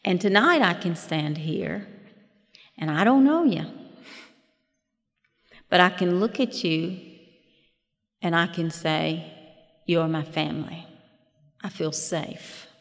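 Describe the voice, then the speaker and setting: Speaking slowly and pausing often, a woman in her fifties shares her own story at a recovery meeting in a lowish, animated voice. Her testimony is folksy, self-deprecating and funny, sprinkled with chuckling asides. A long hall reverb colors the recording.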